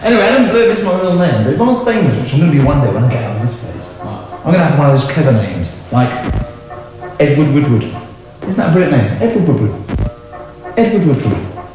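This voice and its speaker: An actor playing a chirpy, oblivious young would-be comedian. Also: male voice, on the high side, a little fast. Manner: chirpy, lively, pleased with his own jokes. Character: chirpy young male wannabe comic, oblivious. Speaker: aspiring stand-up comedian. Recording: echoey hall, dull sound, music behind.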